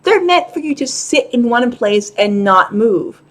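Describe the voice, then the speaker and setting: A woman with a high, bright-sounding voice chats straight to camera as host of her own show. She is frank and a bit profane, and she breaks off for laughing asides as she goes. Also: lively intonation, a little slow. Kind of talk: casual talk to camera.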